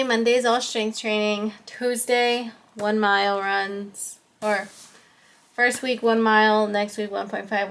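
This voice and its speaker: A woman's voice: mid-range voice, a bit bright. A young woman vlogger chatting casually and rambling about her running plans, with filler words. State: out of breath after running. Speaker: fitness vlogger. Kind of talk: casual vlog chat.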